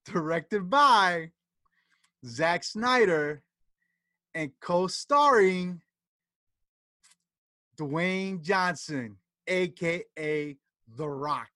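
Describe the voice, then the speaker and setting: In an Atlanta podcast studio, a man co-hosting a casual chat rambles hesitantly through his notes, using lots of fillers. His high-pitched, sharp voice is animated, with drawn-out words and long pauses, and there's no echo.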